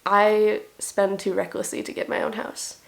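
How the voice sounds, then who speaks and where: A woman's voice: mid-range voice, little pitch movement, moderate pace, gravelly. A young woman reading comments aloud at home in a dry, self-mocking way. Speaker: vlogger.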